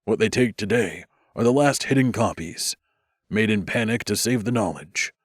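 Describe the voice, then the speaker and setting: Give me a man playing a wry, smirking mage with a low, dry delivery. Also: moderate pace, slightly rough, no room sound. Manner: dry, smirking, plain-spoken.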